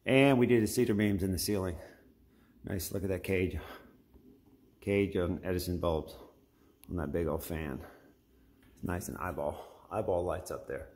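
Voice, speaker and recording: Man, low voice, middle-aged, home builder, casual tour narration, folksy and enthusiastic. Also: steady tone, moderate pace, pauses often, darkish tone. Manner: folksy, enthusiastic, pointing things out.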